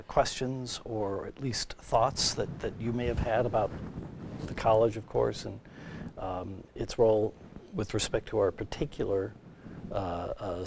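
A man moderating a livestream conversation, speaking in a measured way and reading out viewer questions. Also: on the low side, darkish tone, a little hiss or hum. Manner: measured, reads viewer questions, brief assents. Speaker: college administrator and moderator.

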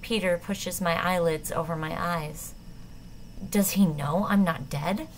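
A woman narrating a novel in the first person, measured and tense. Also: lowish voice, fairly even intonation, slight background noise, low-quality recording. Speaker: audiobook narrator.

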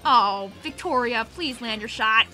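A young woman streamer giving excitable, teasing commentary on her own gameplay from a desk microphone at home. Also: on the high side, unhurried, music in the background. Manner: playful, teasing, squealing and laughing often. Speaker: gaming streamer.

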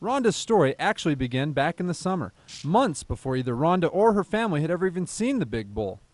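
A man's voice: on the high side, very animated, quick pace, a little mellow, no echo. A man working as an outdoor TV reporter, narrating a news feature and chatting with an interviewee in an upbeat tone.

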